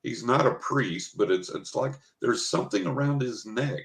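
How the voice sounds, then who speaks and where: A man's voice: medium pitch, moderate pace, creaky, a bit bright. An older man, a psychic guest in an interview, telling an anecdote casually and acting out the quoted dialogue. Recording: roomy echo.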